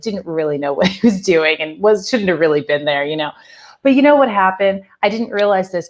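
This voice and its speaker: Woman, spiritual teacher, slightly low voice, chatty storyteller who laughs a lot. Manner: chatty, laughing, lots of "like" and "you know".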